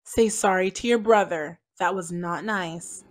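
A woman voicing a gentle cartoon mother who reassures her kids, gently and firmly. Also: lowish voice, measured pace, lightly acted. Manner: soothing, reassuring, firm with the kids. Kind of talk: animated children's story dialogue.

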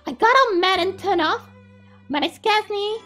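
A young woman streamer, excitable and giggly, chatting while gaming and reading a story aloud on a headset mic. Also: very high-pitched, moderate pace, soft background music. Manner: excitable and giggly, often apologizing.

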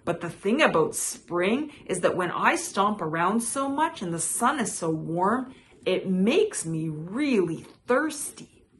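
A woman's voice: medium pitch, big pitch swings, takes it slowly, slight background noise. A woman voicing a grumpy, complaining male rabbit in a read-aloud picture book, in a grumbling manner. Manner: grumbling, gloomy.

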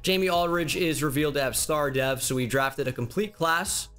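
A man's voice: fairly high pitch, moderate pace, fairly bright tone, faint music behind. A man giving casual commentary on his video game season, frustrated and stammering, with some swearing. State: upset. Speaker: gaming YouTuber.

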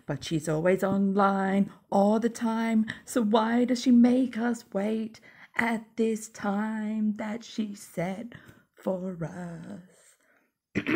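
A woman with a croaky voice rambling sarcastically at home while smoking, as a YouTube commentator. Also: medium pitch, drawn-out words, mellow. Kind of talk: rambling casual monologue.

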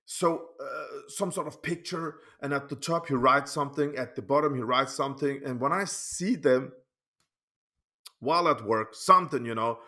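A man speaking English as a second language in a personal vlog, unhurried and a little high-voiced. He rambles, repeats himself and keeps asking "okay?", flaring up loudly and then dropping to low murmurs. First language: not English. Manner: heated, swings between loud outbursts and quiet asides. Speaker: channel host. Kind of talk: emotional personal vlog monologue.

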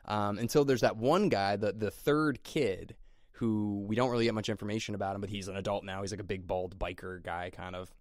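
Podcast co-host, man, low voice, dry close sound, loose rambling review. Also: steady tone, fairly quick, dry recording. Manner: rambling, many fillers and restarts. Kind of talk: casual movie review chat.

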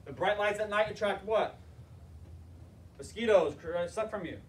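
Animated storytelling male teacher. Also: high voice, normal speed. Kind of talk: classroom lecture with storytelling. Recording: roomy, distant mic, faint noise.

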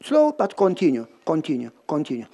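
A man's voice: fairly high pitch, brisk, slightly rough. A man preaching a sermon as pastor, telling a story animatedly with short, emphatic repeated phrases. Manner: animated and emphatic, acting out voices and rhythmic sounds; short repeated phrases, stressing each word.

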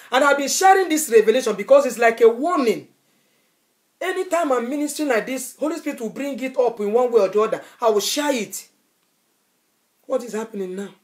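Fervent woman evangelist preaching. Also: fairly high pitch. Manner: fervent preaching, repeating phrases for emphasis. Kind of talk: sermon. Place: Europe.

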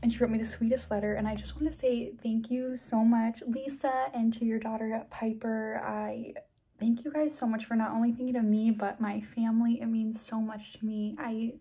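A young woman vlogger chatting to camera, gushing with excitement and thanks as she opens gifts. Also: fairly high pitch, normal speed, husky. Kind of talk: casual chat to camera.

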